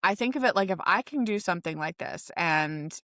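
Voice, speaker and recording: A woman's voice: lowish voice, expressive, brisk, a bit bright, dry recording, studio quality. A woman hosting a casual conversation, chatty and laughing often as she tells stories. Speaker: podcast host.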